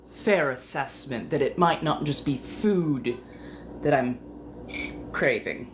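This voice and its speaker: With an extremely low voice and slow pace, a woman livestreams from home, chatting casually with viewers. She's teasing and flirty, full of innuendo and muttered asides, with steady room noise behind her.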